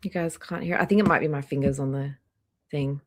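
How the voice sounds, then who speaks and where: A woman hosting a casual live stream, chatty and greeting viewers by name one after another, a little hoarse, talking into a laptop microphone indoors. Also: sits low, fairly even intonation, fairly quick. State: slightly hoarse, clearing throat. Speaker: livestream host. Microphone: laptop microphone near trackpad.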